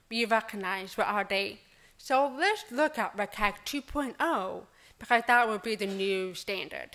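A woman's voice: fairly high pitch, bright, forceful tone. A woman presenting at a conference in an enthusiastic, conversational way, quizzing the audience. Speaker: conference speaker. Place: conference hall. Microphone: speaker microphone.

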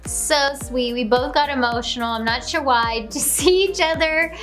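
Bubbly high-voiced woman gushing. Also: moderate pace, a bit bright, faint music behind. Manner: gushing and bubbly, with gasps and laughs. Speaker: host reacting to her own wedding video. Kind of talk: casual reaction commentary.

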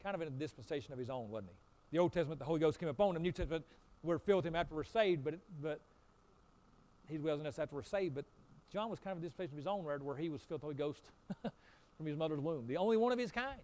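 A pastor preaching in a fairly high voice. He drives home points with repetition, rising loud and forceful, then dropping to hushed, low asides. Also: expressive, very fast. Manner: swings between loud emphatic preaching and quiet low asides. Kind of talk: sermon.

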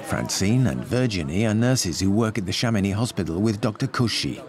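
A man narrating a science documentary in a measured, explanatory way. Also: fairly low pitch, expressive, darkish tone. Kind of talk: scripted narration. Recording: faint music behind.

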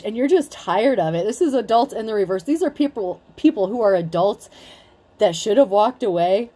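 A woman's voice: mid-range voice, darkish tone. A woman giving a casual tarot reading, chatty and blunt, swearing freely and saying "like" a lot. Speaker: tarot reader.

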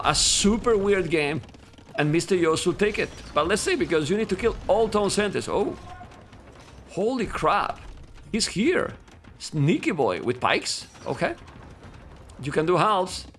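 Excitable Spanish-accented male game caster. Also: sits high, a little hiss or hum. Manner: excitable, talks to viewers as guys, bursts into yelling at players. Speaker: esports caster. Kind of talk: live game commentary.

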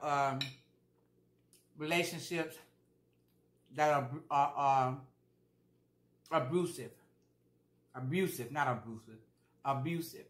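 A woman's voice: low-pitched, fairly bright tone, echoey room. Chatty woman eating and talking. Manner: chatty, eats while talking, repeats herself for emphasis. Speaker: vlogger. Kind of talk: casual mukbang chat.

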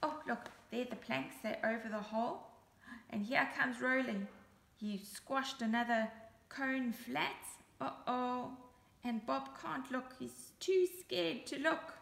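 A woman reading a picture book aloud to young children, with lively asides pointing things out on the page. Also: sits high, slow pace, vocal fry, reverberant. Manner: animated, chatty asides to young listeners. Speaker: storybook reader. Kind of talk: children's story read-aloud.

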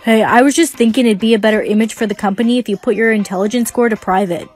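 A synthetic woman's voice reading lines in short POV skits in an even, machine-like way. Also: a little high, fast. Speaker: text-to-speech storyteller. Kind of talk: text-to-speech POV skit narration.

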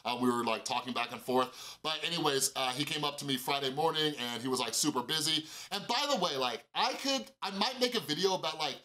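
Bright-voiced man telling a storytime vlog. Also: brisk, few pauses, poor audio. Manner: animated, lots of fillers like "like" and "uh"; acts out quoted dialogue in a higher voice. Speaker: YouTuber.

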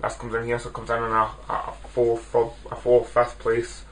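A man's voice: mid-range voice, monotone, normal speed, a little hiss or hum, low-quality recording. A man in his twenties giving a casual, rambling video film review, often restarting and apologising. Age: 20s. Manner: rambling, self-deprecating, many restarts.

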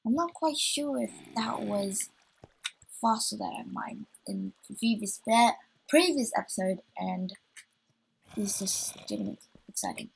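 Chatty gravelly-voiced woman gaming. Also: mid-range voice, lively intonation, unhurried, rough recording. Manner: chatty, easily startled, talks to herself while playing. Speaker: gaming channel host. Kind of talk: let's play commentary.

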